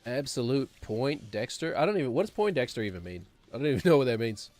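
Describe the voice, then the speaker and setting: A man's voice: mid-range voice, very animated, rapid-fire, darkish tone, faint music behind. A man streaming a game, rambling and sarcastic, chuckling as he talks. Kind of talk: casual gameplay commentary.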